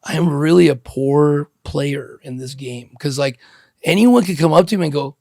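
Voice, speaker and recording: A man's voice: a little high, normal speed, gravelly, a little mellow, no room sound, studio quality. A man hosting a podcast in casual conversation, telling stories with animation, acting out quoted lines and swearing freely. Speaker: podcast host.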